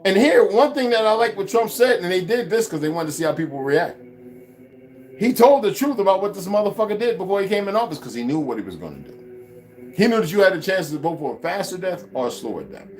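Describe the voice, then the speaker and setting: A man's voice: quick pace, soft background music. A man delivering a heated, profane vlog rant full of mockery and swearing. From United States. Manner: heated, swearing, mocking, lively swings in pitch. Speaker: vlogger. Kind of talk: profane ranting monologue.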